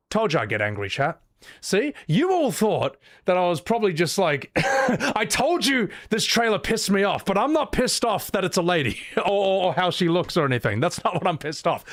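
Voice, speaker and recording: A man's voice: sits high, a bit bright, no echo, clean studio sound. A young Australian man streaming live, reacting to trailers in a casual, sweary, ranting way.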